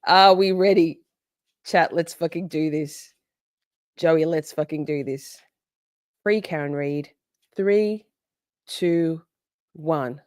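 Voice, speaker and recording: A woman hosting a live stream, chatty and excitable, often exclaiming as she reacts. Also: sits low, takes it slowly, long pauses, dry recording, studio quality. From Australia. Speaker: livestream host. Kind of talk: casual live-stream chat.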